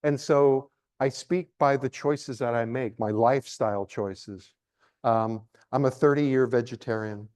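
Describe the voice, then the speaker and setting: A man's voice: mid-range voice, measured pace, a little mellow. A middle-aged man giving a live lecture on nature as a naturalist, playful and theatrical, joking with his audience.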